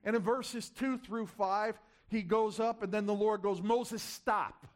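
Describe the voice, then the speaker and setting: A man's voice: sits high, fairly even intonation, a little slow, a little mellow. A man preaching a sermon, repeating key words for emphasis and asking the congregation rhetorical questions.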